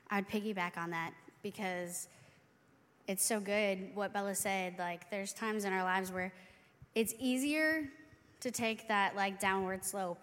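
A woman's voice: mid-range voice, a bit bright. A woman and parent giving an encouraging church youth talk, upbeat and affirming as she speaks straight to the audience. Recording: echoey hall reverb.

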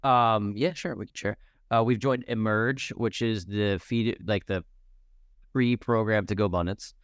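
Casual, curious male podcast host with a low, resonant voice. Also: fairly even intonation, a little slow, clean tone, no room sound. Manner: casual, curious, laughs easily. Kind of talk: casual interview chat.

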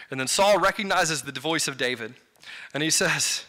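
A man's voice: a little high, a little fast, sharp tone. A man preaching a sermon in a conversational way, turning to the listeners with casual asides.

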